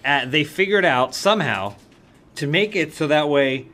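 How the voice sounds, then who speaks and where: A young man commentates on a video game with a friend, cracking crude jokes as he plays. His voice sits a bit high and swings around a lot. He sounds loose and playful. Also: expressive, moderate pace, fairly bright tone. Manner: crude, joking, riffing over the game. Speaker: let's-play co-host. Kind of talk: casual gameplay commentary.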